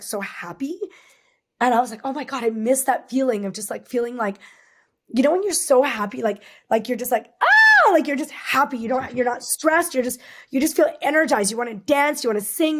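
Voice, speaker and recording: Woman in her forties, from Canada, podcast guest, candid, rambling, fillers, fairly high voice. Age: 40s. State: tearful at times.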